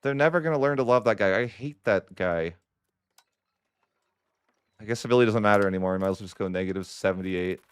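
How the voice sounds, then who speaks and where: A man's voice: lowish voice, fast, long pauses, clear, resonant tone, no echo. A man giving casual commentary over a strategy game, wry and mock-dramatic as he grumbles about his bad luck. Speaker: gaming YouTuber.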